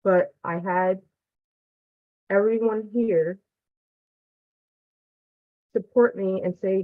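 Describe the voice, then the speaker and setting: A woman's voice: medium pitch, steady tone, very slow, long pauses, dry recording. Earnest heartfelt woman, tinny phone-like line, dry sound. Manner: earnest, heartfelt, close to tears. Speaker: student member of the community. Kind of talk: casual group-call testimonial.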